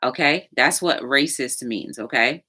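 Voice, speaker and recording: A woman with a low, bright, forceful voice talks straight to her audience as a show host. She tells a story in a loose, conversational way, full of fillers and quick acted-out quotes. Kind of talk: solo talk-show commentary.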